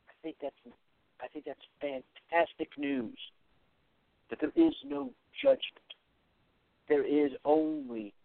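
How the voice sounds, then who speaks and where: A man's voice: a little high, gravelly, no echo. A man hosting a show, speaking in an earnest, reflective solo monologue, with short repeated phrases and frequent hesitations. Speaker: host of an atheist commentary show. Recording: tinny phone-like sound, dry.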